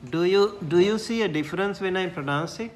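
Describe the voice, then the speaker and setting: A man's voice: high voice, a little fast, slight background noise. A man teaching a classroom language lesson, patiently repeating syllables for his students.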